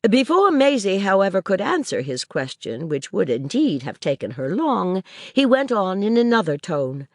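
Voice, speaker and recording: A woman narrating a classic novel as an audiobook in a measured, expressive literary reading, close to the microphone. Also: mid-range voice, no echo.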